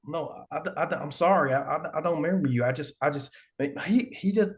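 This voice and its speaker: A man's voice: on the high side, fairly quick. A man playing a stammering, grieving young man. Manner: stammering, hesitant, repeats words. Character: troubled young man grieving his mother. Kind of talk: tabletop role-play.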